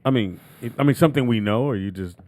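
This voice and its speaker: A man's voice: medium pitch, fast talker, darkish tone, no room sound. A man hosting a casual podcast, joking loosely and swearing freely. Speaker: podcast host.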